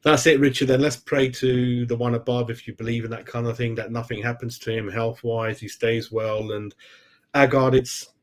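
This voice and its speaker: Middle-aged bloke, casual fan-channel host, chatty and matey, ordinary mid-pitched voice. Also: male voice, little pitch movement, normal speed. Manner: chatty, blokey, addresses viewers as mate. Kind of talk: casual live-stream football chat. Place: home room.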